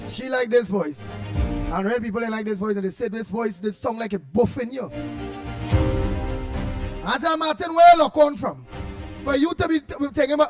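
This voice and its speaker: A Trinidadian man hosting a live show, greeting viewers one by one in loud, husky, playful banter. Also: very high voice, lively intonation, fairly quick, pauses often, faint music behind. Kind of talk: casual live-stream chat.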